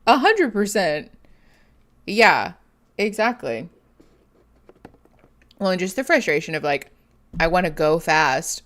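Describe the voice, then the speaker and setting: A woman therapist hosting a casual live stream, chatting and laughing often as she reads viewer comments. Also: fairly low pitch. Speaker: therapist and livestream host.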